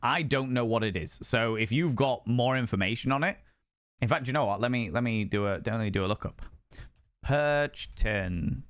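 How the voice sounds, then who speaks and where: A young man hosts a live stream in a playful, theatrical manner, greeting viewers with grand flourishes. His voice sits at an ordinary middle pitch. The sound is close and dry, with no room echo. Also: moderate pace, a bit bright, clear, resonant tone. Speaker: streamer host. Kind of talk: casual live-stream chat.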